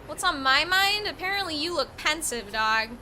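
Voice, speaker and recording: A woman's voice: high-pitched, expressive, normal speed, pushed and bright, slight background noise. A woman streaming a game, chatting casually, swearing freely, and laughing often. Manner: profane, frank, laughs often. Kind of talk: casual gameplay commentary.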